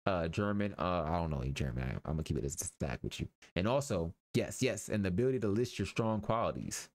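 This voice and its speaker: A young man talks through a game in a relaxed, joking way, full of slang and the odd curse. His voice sits very low. The sound is dry, with no room echo. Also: quick pace. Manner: loose, joking, slangy asides with swearing. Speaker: gaming YouTuber. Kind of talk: casual let's-play commentary reading game text aloud.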